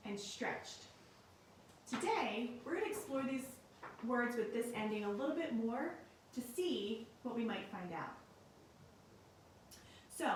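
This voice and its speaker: A woman's voice: fairly high pitch, a little hiss or hum. Patient teacher woman in an echoey room. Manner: slow, clear, patient explaining. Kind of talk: recorded classroom lesson. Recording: very echoey room, mic at a distance.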